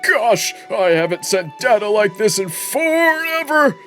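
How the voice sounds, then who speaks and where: A man's voice: sits high, big pitch swings, fairly bright tone, faint music behind, pitched above the performer's own voice, heavily acted. A man putting on a chatty old village man. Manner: chatty, drawn-out, folksy. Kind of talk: game dialogue read aloud by a streamer.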